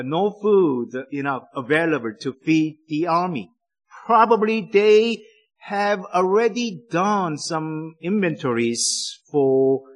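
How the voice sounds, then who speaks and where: A man preaching a sermon in a deliberate, emphatic way, with careful pauses between phrases. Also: fairly high pitch.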